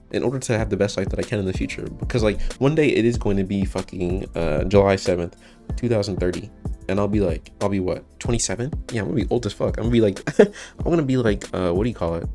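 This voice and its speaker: Young man in his early twenties, slightly low voice, casual swearing vlog rant with faint music underneath. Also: warm tone. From United States. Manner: casual, swearing, laughing, self-interrupting. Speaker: vlogger. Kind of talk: rambling monologue to camera.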